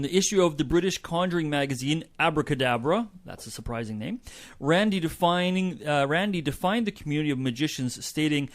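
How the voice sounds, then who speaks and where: A man co-hosting a community radio show, reading a report aloud with light asides. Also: on the high side. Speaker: co-host presenting a report.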